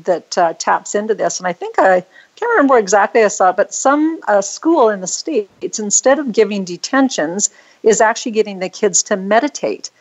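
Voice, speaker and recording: A woman's voice: mid-range voice, animated, normal speed, low-quality recording. Give me a chatty middle-aged woman interviewer. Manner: chatty and affirming.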